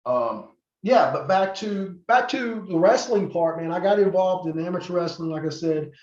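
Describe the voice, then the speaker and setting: A middle-aged man tells long stories as a podcast guest, rambling with fillers and restarts. His voice sits fairly high for a man. The sound is roomy and a little muffled. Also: expressive, moderate pace, darkish tone. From North Carolina, USA. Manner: rambling, many fillers and restarts, acts out quoted people. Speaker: podcast guest, former wrestler. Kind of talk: casual interview storytelling.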